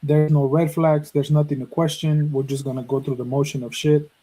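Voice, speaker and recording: A man in his thirties from Mexico tells a personal story in a loose, cursing, animated way, acting out the voices of the people he met. His voice sits fairly high for a man and has a husky grain. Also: brisk, low-quality recording. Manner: profane, animated, acts out quoted dialogue. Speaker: podcast host. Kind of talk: casual storytelling.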